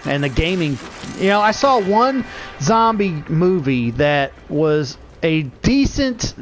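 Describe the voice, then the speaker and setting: A man's voice: a little high, big pitch swings, slow pace, slight background noise. Rambling, swearing middle-aged man. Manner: rambling, profane, laughs often. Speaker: gaming vlogger. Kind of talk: casual gameplay chat.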